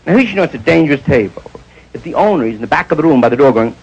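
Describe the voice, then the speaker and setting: A man around forty, doing a rambling stand-up routine in a nightclub and jumping into loud character voices. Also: a little high, expressive, rapid-fire, husky, lo-fi sound. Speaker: stand-up comedian. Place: nightclub stage before a live audience. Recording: faint hiss, old 1960s live recording.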